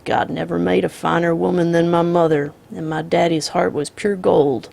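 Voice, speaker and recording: Woman putting on a quiet outlaw man, drawling, polite, menacing, low gravelly voice. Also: flat delivery, moderate pace. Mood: calm menace. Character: soft-spoken, menacing male outlaw, calm and polite.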